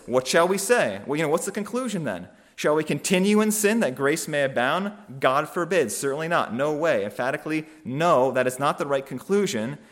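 Guy preaching a sermon, mid-pitched voice, thinks out loud, slows down to stress points. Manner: thoughtful, measured, with frequent restarts and emphatic slowing.

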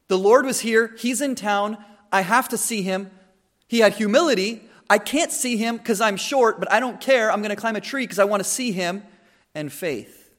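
A man's voice: high voice, fairly bright tone. A young adult man giving a conversational sermon, with frequent restarts and acted-out quotes. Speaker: preacher.

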